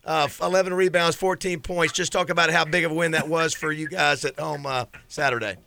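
A man with a gravelly, bright edge talks fast as a sports radio host. His questions ramble with asides and fillers, upbeat and casual. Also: on the high side, fairly even intonation, no echo. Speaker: radio talk show host. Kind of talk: morning sports radio chat.

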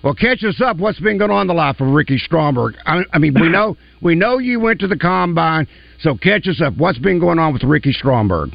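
A male sports radio host with a lively, gravelly voice that swings up and down as he chats. The sound is dry and a little muffled. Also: a little high, brisk, no echo. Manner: chatty, animated, jokey. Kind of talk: casual sports radio talk. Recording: muffled dry studio audio.

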